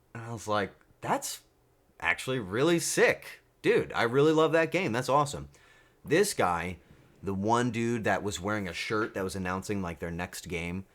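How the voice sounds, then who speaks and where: A young man streaming, telling a story casually to his chat in an animated way. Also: medium pitch. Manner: animated, bursts into excited shouting.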